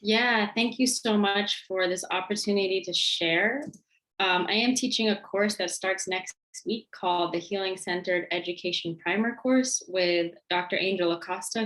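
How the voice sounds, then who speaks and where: A woman mindfulness educator talks about her teaching in a relaxed, friendly way. Her voice sits a little low. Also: low-quality recording. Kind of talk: conversational interview.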